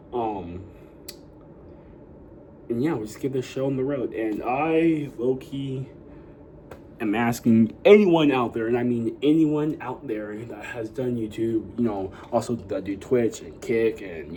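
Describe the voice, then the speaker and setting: Young male vlogger, mid pitch, warm and mellow tone, loose rambling delivery packed with fillers, faint background noise. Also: expressive, a little slow, rough recording. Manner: rambling, full of "you know" and "like" fillers; upbeat hype talk to viewers. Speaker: YouTuber. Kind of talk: casual vlog chat.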